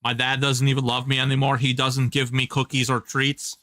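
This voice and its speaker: A man's voice: medium pitch, completely flat delivery, fairly quick, sharp tone, no room sound, studio quality, close to an everyday voice. A man voicing his pet dog as a whiny, mopey animal complaining that it gets no treats.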